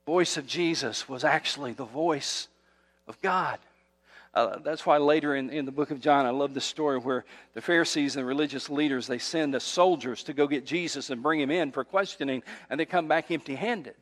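A male pastor delivers an emphatic, repetitive sermon that builds in intensity as he goes. His voice is a little high and a bit bright, his delivery brisk, and a long hall reverb hangs on the recording.

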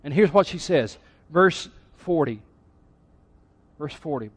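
A man's voice: a little high, expressive, takes it slowly. A middle-aged male pastor preaching a sermon in a church, conversational and teasing the congregation. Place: church sanctuary.

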